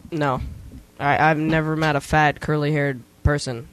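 A man's voice: a little high, little pitch movement, measured pace, a bit bright, smooth, low-quality recording. A young man co-hosting a podcast, answering bluntly and dryly in casual chat. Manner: dry, blunt, contrary replies. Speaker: podcast co-host.

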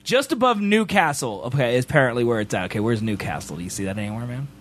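A man's voice: medium pitch, expressive, quick pace, a bit bright, a little hiss or hum. An American man co-hosting a casual, rambling, joking chat. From United States.

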